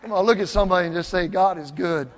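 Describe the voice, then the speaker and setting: An older male pastor with a high voice, preaching animatedly in a church. He swings from shouted praise to hushed asides, and his voice rings with long reverb through the sanctuary. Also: fast, a faint crowd, slight background noise. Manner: animated, swings from loud exclamations to soft asides. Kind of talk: sermon with storytelling.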